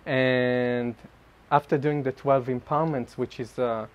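Man, mid-pitched, candid group-talk speaker; animated, pokes fun at himself, laughs mid-line. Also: measured pace, muffled recording. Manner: animated and self-mocking, laughing often mid-sentence. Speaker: speaker sharing at a group retreat. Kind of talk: personal spiritual talk.

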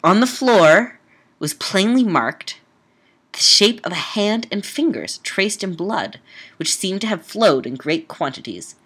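A woman's voice: medium pitch, big pitch swings, measured pace, fairly bright tone, slightly rough. A woman reading an old Gothic novel aloud with drama, breaking off now and then for wry, casual comments. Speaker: audiobook reader and podcast host.

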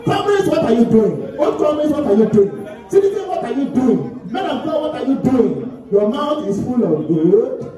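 A man with a Nigerian accent performing spoken word poetry, chanting rhythmic repeated lines and shouting refrains. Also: extremely high pitch, big pitch swings, normal speed, hardly any pauses. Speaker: performance poet. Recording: echoey hall from far off, music and crowd.

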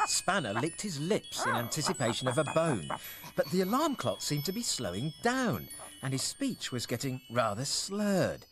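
A man narrating a children's story in an expressive, storytelling manner. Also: a little high, normal speed, music in the background.

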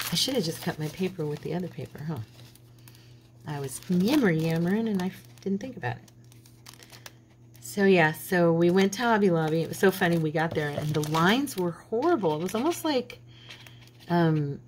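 Brief: lower-voiced woman crafter, rambling chatty storyteller, paper crinkling clearly behind. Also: slight background noise, rough recording. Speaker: craft channel host. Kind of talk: casual chat while crafting.

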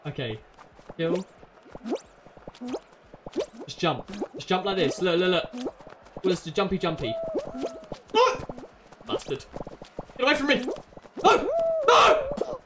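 A woman commentating her own gameplay, excitable and yelling at other players. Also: a little high, moderate pace, long pauses, background noise. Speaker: gaming channel host.

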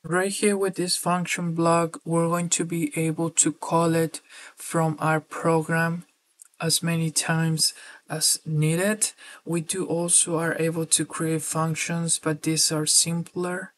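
A woman presenting a screen-recorded software tutorial, explaining steps steadily and filling pauses with "uh". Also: low-pitched. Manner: steady explanatory walkthrough with filler words.

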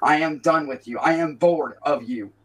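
A man in a played clip, speaking in slow, stiff, deliberate declarations. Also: on the high side, fairly bright tone, slightly rough, far from the mic, rough recording.

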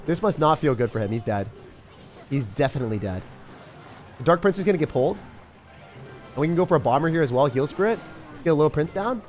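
Young male streamer, animated swings in pitch, excitable play-by-play with faint music behind. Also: fast talker, pauses often. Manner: excitable, talks to himself while playing, sudden yelps. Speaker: game streamer. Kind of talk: live gameplay commentary.

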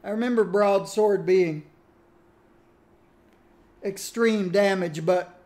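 A man casually reminiscing about old games while he plays, musing aloud in a relaxed way. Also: high voice, slow. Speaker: gaming streamer. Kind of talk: casual commentary while playing.

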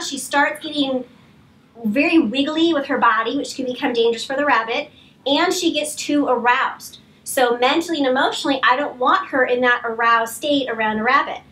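A woman dog trainer explaining how to introduce a dog to a rabbit in a calm, firm, practical way during a live demonstration. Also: high voice, normal speed, recorded from a distance, rough recording. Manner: calm, firm commands to dogs mixed with explanation.

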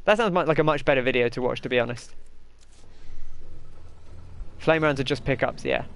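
A young English gaming streamer keeps up loose, chatty commentary while playing, reading his chat out loud and answering it. His medium-pitched voice is creaky and a bit bright, moving at a moderate pace over a clean sound.

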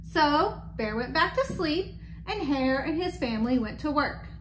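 Female storyteller for a kids' read-aloud; gentle, questioning the children, high voice, roomy recording with faint noise. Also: lively intonation, a little slow. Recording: echoey room with faint background.

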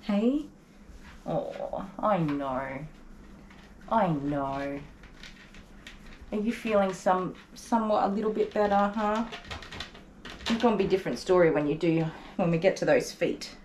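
Soft-spoken woman groomer, clipper buzz behind. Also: on the low side, normal speed, pauses often, low-quality recording. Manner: gentle, coaxing, soft-spoken; emotional, openly tender. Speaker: dog groomer. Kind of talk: soothing talk to a dog while grooming. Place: grooming salon, indoors. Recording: clipper buzz and background noise.

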